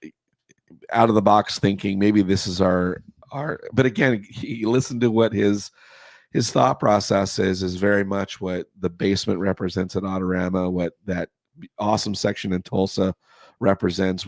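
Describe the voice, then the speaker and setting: A man's voice: deep voice, fairly even intonation, moderate pace, dry recording. A man co-hosting a casual car show chat, rambling with many restarts and losing his voice. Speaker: co-host, custom car builder.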